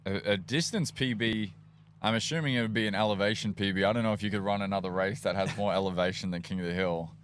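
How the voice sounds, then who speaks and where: A man with an Australian accent co-hosts a live race broadcast, teasing and joking in relaxed banter. His voice sits a little low. A faint hiss of background noise hangs under his talk. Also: quick pace. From Queensland, Australia. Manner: jokey, playful, teasing banter. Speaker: livestream co-host. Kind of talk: casual live event commentary.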